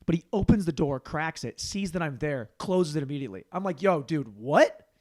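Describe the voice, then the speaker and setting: Animated, lively-voiced comedian man. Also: a little high, fairly quick. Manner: animated storyteller acting out voices, swearing freely. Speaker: comedian podcast host. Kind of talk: solo comedy monologue.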